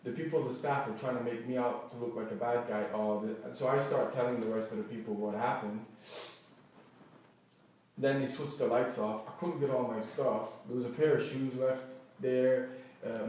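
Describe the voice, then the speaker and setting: A man's voice: mid-range voice, normal speed. A man recounting an incident in agitated first-person storytelling, acting out quoted dialogue and restarting his sentences. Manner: animated, acts out quoted dialogue, restarts often. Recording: echoey room, distant mic, faint noise.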